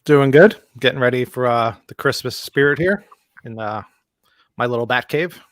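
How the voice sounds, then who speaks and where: A man chatting casually as a panel guest, relaxed and easygoing. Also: mid-range voice, normal speed, no echo, studio quality. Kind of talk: casual chat.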